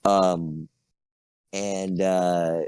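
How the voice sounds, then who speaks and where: Middle-aged male guest, low-pitched storyteller who drifts off topic, dry close recording. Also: level tone, drawn-out words, a little mellow, clean tone, dry recording. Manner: rambling storyteller, laughs between stories. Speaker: guest actor. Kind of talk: casual podcast anecdotes.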